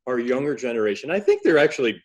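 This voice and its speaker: A man's voice: mid-range voice, sing-song, fast talker, husky. Enthusiastic New York man in his fifties. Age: 50s. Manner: enthusiastic, announcer-like intros. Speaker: podcast host. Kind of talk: casual podcast interview.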